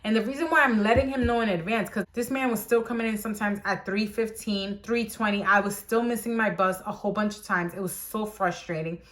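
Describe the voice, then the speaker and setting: A young woman telling a casual storytime, animated and exclamatory, acting out the dialogue as she goes. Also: mid-range voice, fairly quick, few pauses. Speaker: vlogger.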